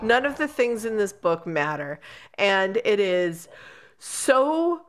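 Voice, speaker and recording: Animated sarcastic woman ranting. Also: medium pitch, unhurried. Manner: sarcastic, animated, swears freely, acts out characters. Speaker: book podcast co-host. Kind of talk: casual chat, book review rant.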